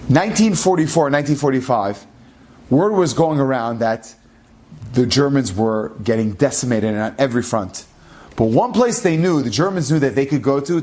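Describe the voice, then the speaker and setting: A man, a rabbi, telling a dramatic story in an animated, expressive way. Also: medium pitch. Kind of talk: storytelling talk.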